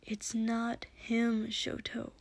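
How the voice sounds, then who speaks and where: A woman voicing a calm, serious teenage boy who speaks quietly and firmly. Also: on the high side, takes it slowly, dry recording. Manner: quiet, firm.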